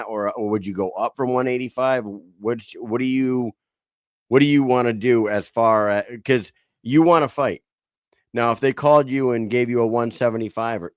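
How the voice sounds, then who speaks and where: A man's voice: medium pitch, no echo, studio quality. A man hosting a podcast interview, eager and enthusiastic, often restarting his sentences. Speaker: podcast host.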